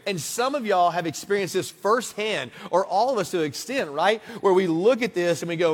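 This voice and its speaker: A man in his thirties preaching a conversational sermon, moving between hushed asides and emphatic passages. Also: high-pitched, expressive, brisk, hardly any pauses. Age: 30s. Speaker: pastor. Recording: long hall reverb.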